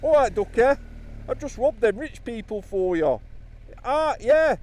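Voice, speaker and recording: A man's voice: animated, unhurried. A man voicing a cheerful, chatty Robin Hood with an East Midlands accent who calls people duck and matey. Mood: cheeky. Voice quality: high, loud, sing-song.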